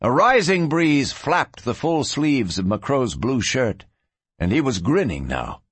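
A man reading a western story aloud in a dramatic, expressive narration. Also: medium pitch, takes it slowly, husky, no room sound. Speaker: audiobook narrator.

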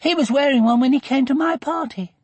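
A man voicing a timid, nervous young girl in an audiobook, with a husky edge. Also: very high-pitched, brisk, no room sound, pitched above the performer's own voice. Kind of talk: audiobook character reading.

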